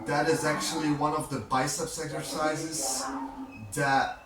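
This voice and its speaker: A man's voice: a little high, flat delivery, measured pace. A man filming his own workout and explaining his training step by step in a casual vlog, at times out of breath between sets. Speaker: fitness vlogger. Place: gym, indoors. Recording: echoey room, voice from far off, clear background noise.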